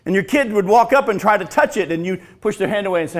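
A male pastor preaching a sermon, swinging from loud emphatic lines to hushed, slow, drawn-out phrases. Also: sits high, expressive.

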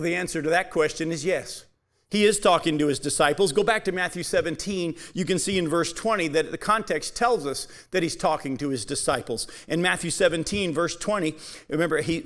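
A man preaching a Bible-teaching sermon, speaking directly to his congregation and reading scripture aloud with slow emphasis. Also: fairly high pitch. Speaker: pastor.

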